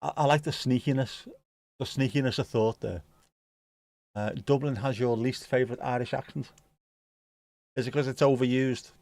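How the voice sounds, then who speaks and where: A man's voice: mid-range voice, steady tone, moderate pace, long pauses, darkish tone, no room sound. A man hosting a football watch-along stream, chatting casually and joking as he reads viewer comments.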